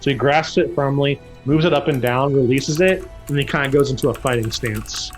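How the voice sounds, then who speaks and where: A man narrating a tabletop game as game master, who breaks into loud, high voices for the characters. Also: a little fast, few pauses, soft background music. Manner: lively, acts out characters with loud jumps in pitch.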